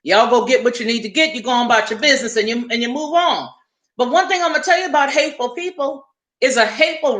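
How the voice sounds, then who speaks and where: Lady ranting on her livestream, preachy and emphatic, kinda high pitched. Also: fairly bright tone, reverberant. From Southern United States. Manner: emphatic, preachy, repeats herself for effect. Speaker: livestream host. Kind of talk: casual livestream talk.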